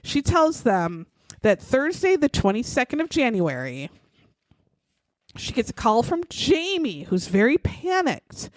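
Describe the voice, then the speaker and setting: A woman's voice: fairly high pitch, sing-song, unhurried, no echo. A woman co-hosting a podcast, retelling a true-crime case in a profane, sarcastic, exasperated way. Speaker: podcast co-host. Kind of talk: casual true-crime storytelling.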